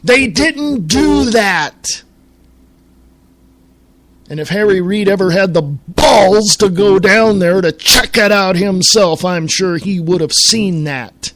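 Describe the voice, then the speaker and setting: A man's voice: high voice, lively intonation, takes it slowly, a bit bright. A middle-aged man from the United States hosting a talk radio show, reading quotes aloud and ranting with profanity. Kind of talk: angry political commentary.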